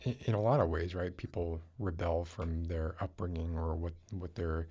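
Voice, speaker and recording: A man's voice: low voice, steady tone, moderate pace, dark tone. A man hosting a casual livestream chat, rambling and chatty with lots of fillers. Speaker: podcast host.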